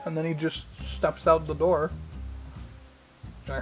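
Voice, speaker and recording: A man's voice: fairly high pitch, expressive, normal speed, pauses often, poor audio. A young man playing a video game, reading its dialogue aloud in playful, mock-dramatic voices and joking about his slips. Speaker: gaming channel host. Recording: game music playing behind.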